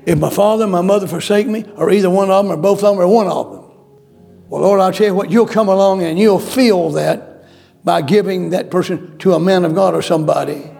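A man's voice: a little fast, creaky, a little mellow. A man preaching a sermon, pleading and repeating his prayers over and over. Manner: pleading, repetitive, with bursts of pitch.

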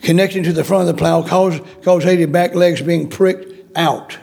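A man's voice: a little high, fairly even intonation, moderate pace, vocal fry, a little mellow. A man preaching a sermon, emphatic and repetitive, acting out the voices in the story he tells. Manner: repetitive, emphatic, acts out quotes.

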